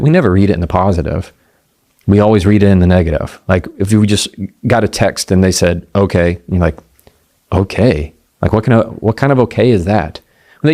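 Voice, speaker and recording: A middle-aged man with a drawl speaks in a fairly low voice as a communication coach. His delivery is conversational and easygoing. He acts out little quoted exchanges and slows right down to land his main points. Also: warm tone. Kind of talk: motivational talk.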